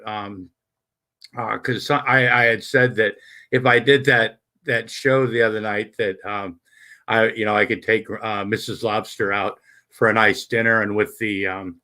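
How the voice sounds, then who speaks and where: A man hosting a casual late-night livestream, rambling and swearing as he greets viewers by name, with lots of halting fillers. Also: mid-range voice, bright, forceful tone. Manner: halting, many fillers and restarts. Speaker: livestream host.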